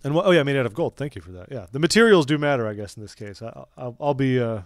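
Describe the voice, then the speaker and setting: A man's voice: mid-range voice, animated, fast talker, dry recording. A man hosting a casual scripture discussion podcast, playful and jokey, thinking aloud as he goes. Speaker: podcast host.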